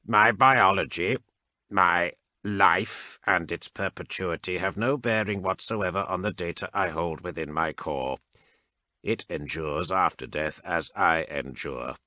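Man doing a very low, sharp-edged, emotionless machine priest: slow, precise, unhurried. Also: dry recording. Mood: cold. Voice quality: mechanized, emotionless. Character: cold mechanical cyborg male adept, calm and unfeeling.

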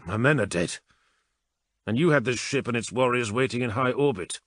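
A hard-bitten warrior captain with a gruff, growling voice, as a man reads him. He talks forcefully, raising his voice above the narrator's low tone, in a dry audiobook recording. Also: moderate pace, dry recording, natural voice. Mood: angry. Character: grim, angry male warrior captain.

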